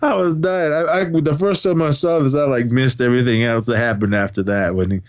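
A podcast co-host recaps movie scenes in casual conversation, laughing often and animatedly acting out lines of dialogue. His mid-range voice comes a little fast, and the audio sounds lo-fi.

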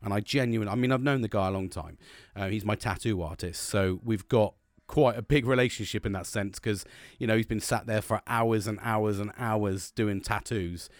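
A man's voice: on the low side, moderate pace, no echo. A man giving a casual motivational talk, rambling and earnest, with a lot of swearing.

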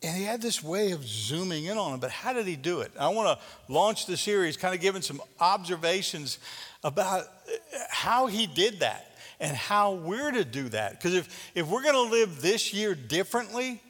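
A man preaching a conversational sermon as pastor, often repeating words and swinging between loud and soft. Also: high voice, big pitch swings, normal speed, big-room sound.

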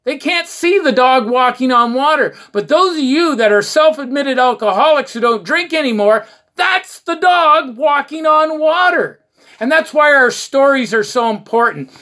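A man's voice: very high-pitched, sharp tone. A man speaking at a recovery meeting, giving an earnest, preachy talk on the twelve steps, full of rhetorical questions and short anecdotes.

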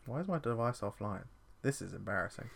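Gravelly man, teasing. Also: lowish voice, animated, a little fast, fairly bright tone. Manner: teasing, swearing, provocative. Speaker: podcast co-host. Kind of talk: casual chat.

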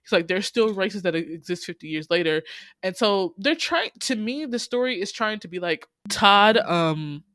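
A man casually recapping a TV series on a podcast, telling the story in lively bursts, acting out the characters' lines and swearing freely, with lots of "you know". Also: sits high, moderate pace, clean tone, no room sound, studio quality. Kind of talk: casual chat.

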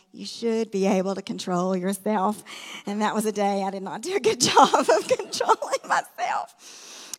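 Middle-aged woman preaching, chatty storytelling, keeps tossing in "right?", slightly high voice, big echoey hall. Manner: conversational, many asides and rhetorical "right?". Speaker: guest speaker. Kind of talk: storytelling sermon. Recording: reverberant hall.

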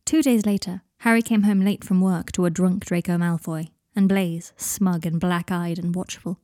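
A woman narrating a fan fiction story in an even, gentle storytelling manner. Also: lowish voice, moderate pace, dry recording, studio quality. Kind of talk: fan fiction audiobook reading.

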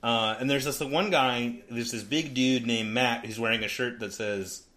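A man's voice: medium pitch, steady tone, normal speed, bright, forceful tone. A man in casual conversation, retelling scenes from a book with frequent fillers and small laughs.

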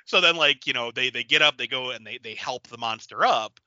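A man co-hosting a podcast, chatting casually and animatedly, laughing often and acting out bits as he pitches a story. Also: brisk, sharp tone, no echo, dull audio. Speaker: podcast co-host. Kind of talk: casual brainstorming chat.

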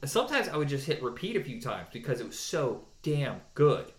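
A man chats casually as a podcast co-host and counts down songs with strong opinions. His voice sits in a middle pitch. The room around him is echoey. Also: brisk. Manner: animated, opinionated, with mocking put-on voices.

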